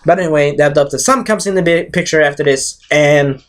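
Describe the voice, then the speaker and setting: A movie reviewer with a brisk voice on the high side gives a loose, rambling recap of a film, jumping from point to point, using lots of fillers and swearing now and then.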